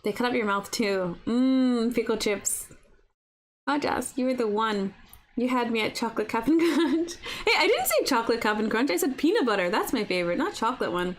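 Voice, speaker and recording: A woman's voice: a little high, sing-song, moderate pace. A young woman with a slightly raised voice chats casually on a morning livestream from her apartment. Her talk is loose and full of "like" fillers, and she breaks off to answer viewers' comments. A faint ambient hum sits behind her. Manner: chatty, lots of "like" fillers, reads and answers comments. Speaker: livestream host. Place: home apartment.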